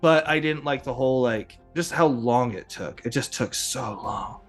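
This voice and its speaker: A man's voice: mid-range voice, normal speed, soft background music. A man hosting a casual podcast, rambling with lots of fillers and chuckles. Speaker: podcast host. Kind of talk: casual chat.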